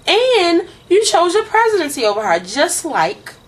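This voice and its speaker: Animated woman recapping a TV episode. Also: extremely high pitch, unhurried, low-quality recording. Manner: animated, swearing, acts out characters' lines. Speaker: co-host of a TV recap show. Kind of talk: casual recap chat.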